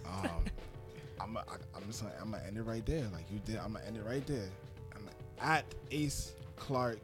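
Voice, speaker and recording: A man's voice: on the low side, a little fast, soft background music. A man hosting a radio show interview, laid-back and enthusiastic, with casual slang.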